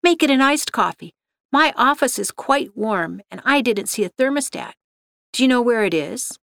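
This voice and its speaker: A woman's voice: on the high side, expressive, normal speed, vocal fry, a bit bright, no room sound, clean studio sound. A woman reading the part of a bossy, impatient male office manager who gives curt demands. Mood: demanding.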